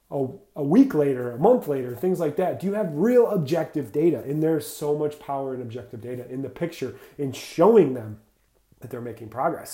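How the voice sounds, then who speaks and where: A man hosting a casual podcast for clinicians, talking in a blunt, energetic, rambling way and saying "like" a lot. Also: mid-range voice, roomy sound.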